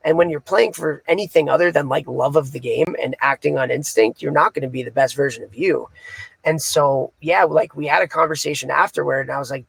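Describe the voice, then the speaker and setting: Man, podcast co-host, casual storyteller, gravelly, dry close mic. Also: a little high, a little fast, no echo. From Canada. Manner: casual, filler-heavy, retelling conversations. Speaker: hockey coach, podcast co-host.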